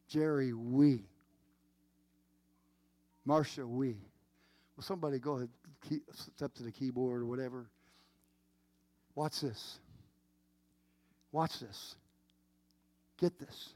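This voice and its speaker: A man preaching a sermon, emphatic and repetitive, with dramatic pauses. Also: medium pitch, a little mellow, dry recording. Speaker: pastor.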